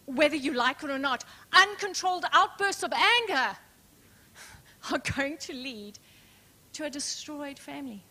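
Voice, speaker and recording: High, bright-voiced woman preaching a sermon. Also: animated, measured pace. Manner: emphatic preaching with dramatic drops to soft, hushed words; addresses congregation as friends, asks rhetorical questions. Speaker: pastor. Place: church.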